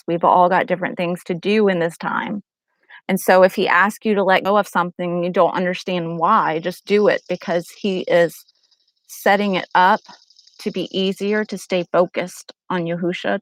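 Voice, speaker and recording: A middle-aged woman with a lowish voice vlogs casually about her faith, giving a testimony to camera. She tells her story animatedly, acting out quotes in raised voices and earnestly urging her viewers; the recording is low-quality with no echo.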